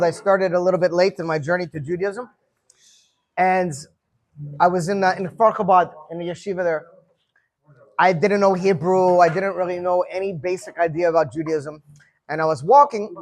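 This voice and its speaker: A man in his fifties leading an informal gathering, chatty and storytelling, often repeating words as he starts a sentence. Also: sits high. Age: 50s. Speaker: farbrengen leader. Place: room with a gathered group.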